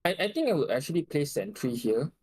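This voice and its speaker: A man's voice: a little high, big pitch swings, quick pace, a little mellow. A man from Malaysia or Singapore, co-casting a live esports match, talks through plays in a hesitant, analytical way. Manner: hesitant, analytical, lots of "like" fillers. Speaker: guest co-caster.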